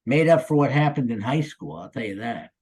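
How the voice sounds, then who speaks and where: A man's voice: mid-range voice, very animated, brisk, darkish tone, husky, poor audio. A man in his sixties from the Chicago area, a guest actor telling stories in a casual interview, rambling and upbeat with lots of "you know" and "um". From Chicago area, USA. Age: 60s.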